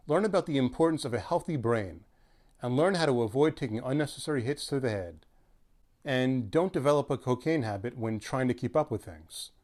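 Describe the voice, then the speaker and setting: Wisecracking man with a lively pitch. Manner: sardonic, wisecracking. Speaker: guest astrologer. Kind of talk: comic astrology monologue.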